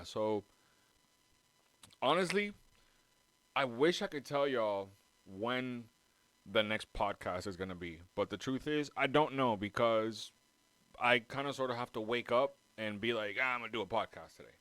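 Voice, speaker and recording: This home podcast host has a fairly low, clear, resonant voice with a fairly bright tone, and he speaks a little slowly. There's no room sound, though he moves around the mic as he rambles casually, swears freely, and jumps between topics.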